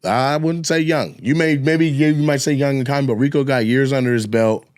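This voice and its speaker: A man co-hosting a podcast, telling a profane, animated story and acting out scenes with sound effects. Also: medium pitch, brisk, smooth. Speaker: podcast co-host, comedian. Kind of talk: casual storytelling chat.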